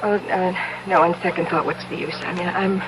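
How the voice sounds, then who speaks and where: An actress playing a calm, controlling sister in a 1970s radio drama, soothing yet firm and a little patronizing. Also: female voice, on the low side, a little fast, lightly acted, poor audio. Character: calm, controlling older sister, adult woman. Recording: old radio broadcast with clear background noise.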